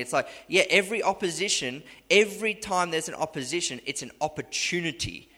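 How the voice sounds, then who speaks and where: A man preaching a sermon in an animated, conversational way, often restarting sentences. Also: a little high, a little fast, few pauses, in a large hall.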